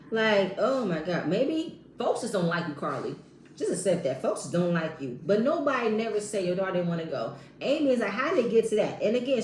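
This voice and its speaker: A woman's voice: fairly high pitch, darkish tone, echoey room, a little hiss or hum, low-quality recording. A woman giving a blunt, exasperated casual recap of a reality show, mocking the people in it. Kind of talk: animated casual recap commentary.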